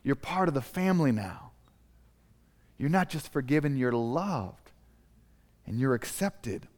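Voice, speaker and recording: A gentle, loving divine father speaks quietly and reassuringly, put on by a male preacher. The voice is hushed and warm in tone, with a long hall echo behind it. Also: mid-range voice, expressive, unhurried, natural voice. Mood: tender, welcoming.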